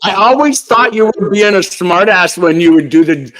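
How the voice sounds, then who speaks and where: A man's voice: high voice, expressive, moderate pace, a bit bright, poor audio. A man hosting a casual craft live stream, chatty and repeating words as he talks. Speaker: craft channel host.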